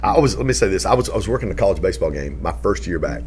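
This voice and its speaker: A middle-aged man, a real estate coach, telling stories in a casual podcast interview, turning animated and loud when excited. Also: sits low, racing, slight background noise.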